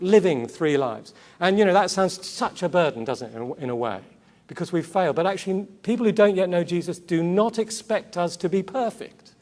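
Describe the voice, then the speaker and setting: Here a male conference speaker with a fairly high yet darkish voice preaches earnestly to a Christian gathering. Rhetorical questions and repeated key words mark his delivery, along with brisk asides and self-corrections.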